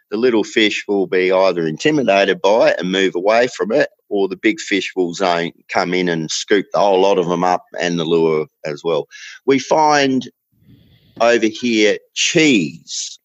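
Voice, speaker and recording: Aussie guy yarning about fishing, lowish voice, kinda dull lo-fi sound, dry. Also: lively intonation, dry recording. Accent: Australian. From Australia. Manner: rambling storyteller, drawn-out emphasis. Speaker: fishing guest. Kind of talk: casual chat.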